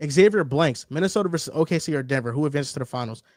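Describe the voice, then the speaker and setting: A man hosting a casual sports debate show, talking in an animated, teasing, emphatic way. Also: on the high side, rapid-fire, dry recording, studio quality. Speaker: sports talk show host.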